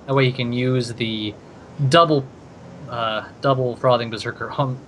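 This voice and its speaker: A man's voice: medium pitch, steady tone, normal speed, a bit bright, a little hiss or hum. A man casting a card game tournament, talking through each play with plenty of thinking-aloud fillers. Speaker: esports caster.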